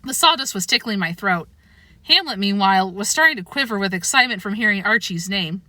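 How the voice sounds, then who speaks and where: Woman storybook reader, bright and animated. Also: medium pitch, fairly quick, no echo. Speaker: narrator. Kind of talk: children's book read-aloud.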